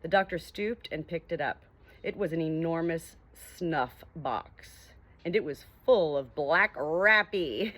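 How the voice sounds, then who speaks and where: A woman reading a children's story aloud with gentle, expressive narration. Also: deep voice, slow pace. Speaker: audiobook reader.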